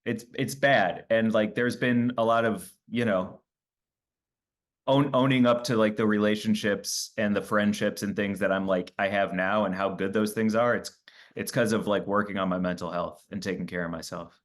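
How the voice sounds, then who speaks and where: A man, a comedian, speaking candidly in an interview and telling animated stories, acting out his own lines as he goes. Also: on the low side, moderate pace. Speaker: comedian guest.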